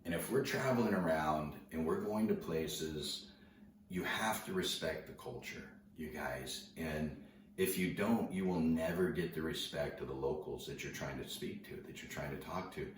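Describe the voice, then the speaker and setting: A man casually telling a story to an audience, laid-back and slangy, animated as he recounts it. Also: extremely low pitch, normal speed. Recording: roomy, distant mic, faint noise.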